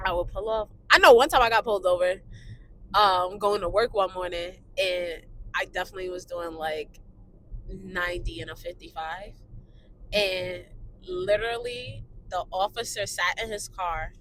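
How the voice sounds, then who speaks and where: A woman's voice: lowish voice, normal speed, slight background noise, rough recording. A young woman co-hosting a casual chat, telling stories with lots of swearing and acted-out voices. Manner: animated, swears freely, acts out quoted voices. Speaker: co-host.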